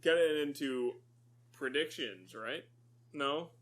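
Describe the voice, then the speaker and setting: A man's voice: on the high side, slow pace, a bit bright. A man co-hosting a casual podcast chat, telling stories and swearing casually. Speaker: podcast co-host.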